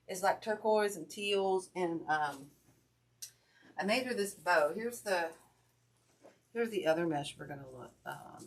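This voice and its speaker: A woman's voice: on the low side, breathy edge. Chatty woman hosting a craft livestream. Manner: chatty and rambling, many fillers, greets viewers. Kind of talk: casual live tutorial chat.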